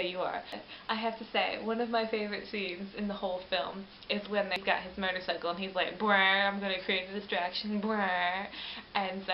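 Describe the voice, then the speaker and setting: A chatty woman vlogger rambling through a casual film review, often doubling back to correct herself. Her voice sits in a middling range and sounds lo-fi and slightly muffled. The room is echoey, with a faint hiss behind her. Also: mid-range voice. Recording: roomy, dull lo-fi webcam audio with faint hiss.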